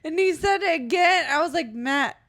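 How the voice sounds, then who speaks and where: A woman's voice: extremely high pitch, lively intonation, fairly quick, fairly bright tone. A young woman co-hosting a podcast, chatting casually, blunt and laughing as she tells stories. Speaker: podcast co-host. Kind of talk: casual chat.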